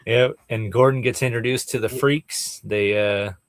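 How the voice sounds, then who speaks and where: A man's voice: medium pitch, steady tone, measured pace, no echo. A man co-hosting a casual podcast, explaining details with enthusiasm and peppering his talk with "like" and "dude.". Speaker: podcast co-host. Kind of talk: casual comic-book discussion.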